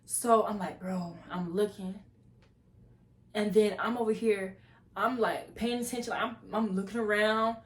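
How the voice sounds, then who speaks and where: A woman's voice: medium pitch, fairly even intonation, normal speed. A young woman vlogger telling a story casually and animatedly, acting out the voices of the people in it.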